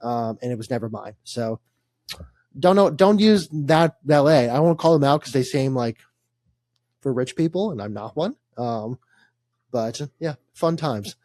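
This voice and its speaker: A man's voice: mid-range voice, lively intonation, a little slow, mellow, no room sound. A young man, co-hosting a casual sports podcast and telling a rambling story full of laughs and fillers. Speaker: podcast co-host.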